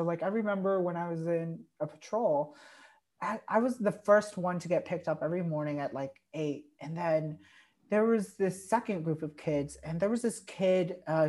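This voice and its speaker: A woman's voice: fairly low pitch, darkish tone. Young woman hosting a podcast, chatty, lots of likes and fillers. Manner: chatty, frequent fillers and backchannels. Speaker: podcast host. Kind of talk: casual chat.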